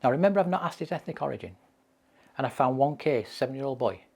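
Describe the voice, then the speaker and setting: A man leads a mental health training session and talks through case stories. His voice is gravelly and husky, and he leans on repeated phrases for emphasis. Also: medium pitch, lively intonation, fast talker, darkish tone. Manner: anecdotal, emphatic repetition.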